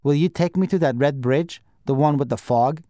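A man's voice: fairly high pitch, moderate pace, warm tone, no room sound, clean studio sound, lightly acted. Man voicing a terrified pleading young boy. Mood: hopeful. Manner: pleading, voice breaking. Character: frightened young boy, orphaned, clinging and pleading.

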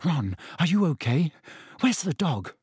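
A man's voice: fairly high pitch, big pitch swings, measured pace, darkish tone, breathy edge, no echo, full character voice. A brave teenage schoolboy wizard, as a male reader puts him on, speaks in a tense, urgent voice lifted a little above the narration. The recording is dry and close.

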